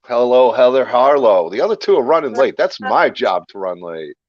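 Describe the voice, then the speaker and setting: A man hosting a livestream, chatting casually in a relaxed, joking way. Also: mid-range voice, moderate pace, no room sound. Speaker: show host. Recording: dry, dull lo-fi stream audio.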